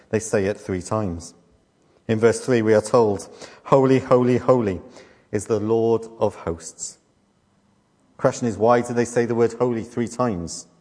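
A middle-aged man preaching a sermon as a pastor. He teaches with rhetorical questions and deliberate repetition. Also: mid-range voice, darkish tone. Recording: long hall reverb.

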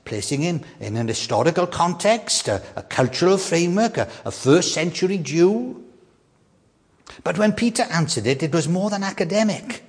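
An older man preaching a sermon with an animated delivery, often repeating words and slowing down to stress key questions. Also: a little high, big-room sound.

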